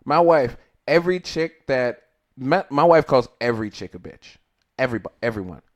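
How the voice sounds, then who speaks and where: A man's voice: medium pitch, expressive, moderate pace. A man co-hosting a podcast in casual chat, talking loosely and profanely, with frequent restarts. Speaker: podcast co-host.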